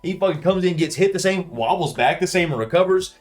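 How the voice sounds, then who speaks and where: A man's voice: high-pitched, expressive, fast talker, soft background music. A man co-hosting a podcast in casual chat, loose and profane, often dropping into exaggerated impressions. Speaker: podcast co-host.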